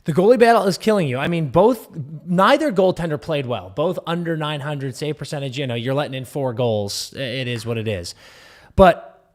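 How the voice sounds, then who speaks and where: A man's voice: on the high side, moderate pace. A man co-hosting a live hockey podcast, breaking down the game analytically and teasing his partner. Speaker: podcast co-host. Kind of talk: casual hockey chat.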